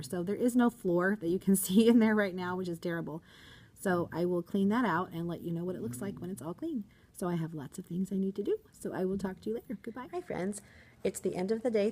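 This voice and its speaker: A woman's voice: on the low side, slight background noise. A woman teacher talking casually to her viewers from home in an upbeat, chatty way, laughing easily. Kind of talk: casual vlog chat.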